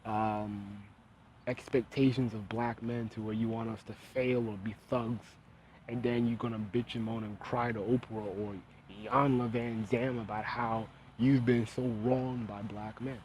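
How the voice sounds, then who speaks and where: A man's voice: medium pitch, level tone, unhurried, a little mellow, a little hiss or hum, rough recording. A man giving a casual opinion monologue as a vlogger, with blunt, profane, heated ranting.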